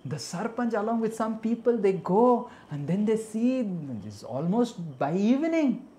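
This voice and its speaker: A man telling a devotional story as a sermon, animated and dramatic, dropping to soft asides. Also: sits high, unhurried. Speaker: preacher.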